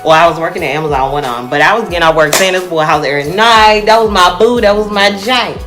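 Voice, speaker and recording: A young woman telling a personal story to her viewers in a casual, animated way, often calling them y'all. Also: on the low side, fast talker, over music.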